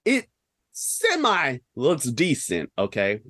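A man's voice: medium pitch, huge pitch swings, slow, a bit bright, dry recording, studio quality. A young man co-hosting a podcast, ranting animatedly about films with slang and rhetorical questions. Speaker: podcast co-host. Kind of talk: casual film-review rant.

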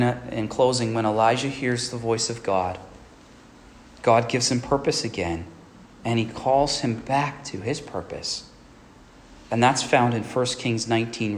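A male pastor giving an earnest sermon who often checks in with a quick "right?". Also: mid-range voice, slight background noise.

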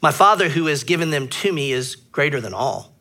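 A pastor preaching a sermon with a bright, forceful tone and a voice pitched a little high for a man. He teaches earnestly and leans hard on the words he wants to land. He clears his throat often between thoughts. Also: animated, brisk.

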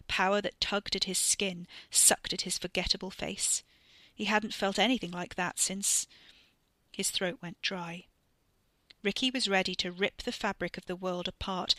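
A woman narrating a scripted story with expressive reading. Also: mid-range voice, moderate pace, no echo. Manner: expressive reading with voiced characters. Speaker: narrator and author.

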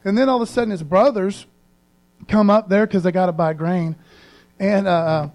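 A man's voice: high-pitched, fairly even intonation, moderate pace, a little mellow. A man preaching a sermon as pastor in a casual, earnest way, using slang and repeating phrases for emphasis.

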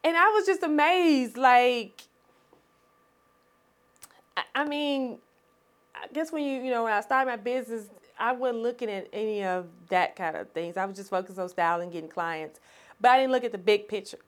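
Woman, podcast guest, storytelling, animated, expressive, slightly high voice. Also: normal speed. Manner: animated, expressive, laughs often. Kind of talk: storytelling in conversation.

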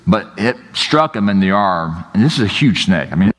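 Low-voiced pastor in a reverberant hall. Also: male voice, lively intonation, normal speed, fairly bright tone. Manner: casual joking storytelling, lots of "you know, like". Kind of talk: sermon.

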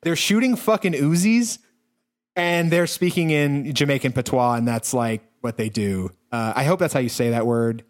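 A man's voice: medium pitch, moderate pace. A man co-hosting a podcast, recapping a film in a casual, rambling, profane way, full of fillers and restarts. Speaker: podcast co-host. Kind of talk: casual movie-recap chat.

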